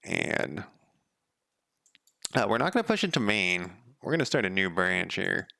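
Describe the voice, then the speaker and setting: A man's voice: deep voice, very animated, measured pace, vocal fry, sharp tone, no room sound. A man developing a game on a live stream, chatting casually and rambling off on tangents as he thinks aloud. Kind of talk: casual live coding chat.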